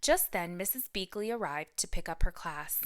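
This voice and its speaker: A woman who is a teacher, reading a children's picture book aloud with expressive storytelling. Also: lowish voice, normal speed, no room sound, clean studio sound.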